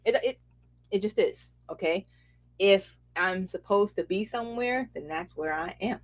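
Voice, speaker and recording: Chatty, animated woman. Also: mid-range voice, unhurried. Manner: animated, chatty, laughs often, says "okay?" a lot. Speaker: spiritual reader and host. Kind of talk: casual livestream reading.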